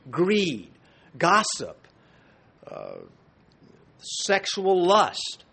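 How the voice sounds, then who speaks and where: A man's voice: on the high side, a bit bright, husky. A man preaching a sermon from the pulpit, emphatic and full of rhetorical questions. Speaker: pastor.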